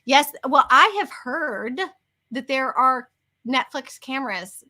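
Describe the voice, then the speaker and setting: Woman co-host, casual livestream chat, bright tone, higher pitch, rambling and talkative. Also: expressive, slow pace. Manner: chatty, wanders into tangents.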